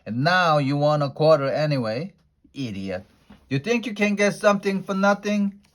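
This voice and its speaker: A man voicing a bossy, greedy tooth queen who shrieks and yells her orders. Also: on the high side, expressive, normal speed, voice pushed up. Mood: shrill commanding. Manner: shrieking, yelling.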